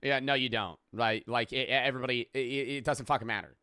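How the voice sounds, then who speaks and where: A young man from the United States, a streamer, reacting to videos in casual commentary, excitable and swearing a lot, on a close mic. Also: mid-range voice, smooth, dry recording. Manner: excitable, heavy swearing, quick restarts.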